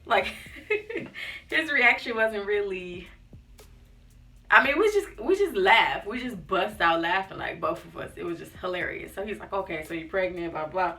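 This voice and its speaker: A woman's voice: mid-range voice, animated, moderate pace, sharp tone, far from the mic. A young woman vlogger telling a personal story in a casual, chatty way, acting out what people said and often saying "like" and "y'all". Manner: chatty, acts out quotes, says "like" and "y'all" often. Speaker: lifestyle vlogger. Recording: voice a bit off-mic with faint music behind.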